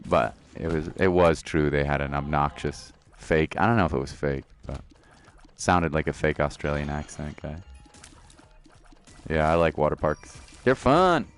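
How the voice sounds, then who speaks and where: Laid-back male gaming streamer, deep voice, faint music under him. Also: fairly even intonation, normal speed, clean tone. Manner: laid-back, chatty, talks to chat. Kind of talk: casual live-stream chat.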